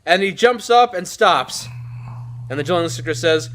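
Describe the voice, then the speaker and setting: A man chatting casually about military life, adding quick quips and short replies. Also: sits high, expressive, fairly bright tone, a little hiss or hum. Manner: quick banter, chiming in. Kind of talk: casual chat.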